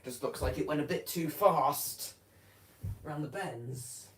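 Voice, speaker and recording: A man's voice: fairly high pitch, measured pace. A man chatting casually on a home video, rambling and hesitant, with many fillers and restarts. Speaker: vlogger. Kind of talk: casual chat. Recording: roomy echo.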